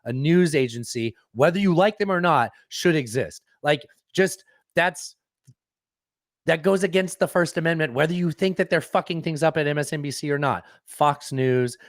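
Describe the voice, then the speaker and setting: A man's voice: on the high side, moderate pace, dry recording, clean studio sound. A man co-hosting a casual political podcast, talking sarcastically and slipping into mocking voices. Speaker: podcast co-host.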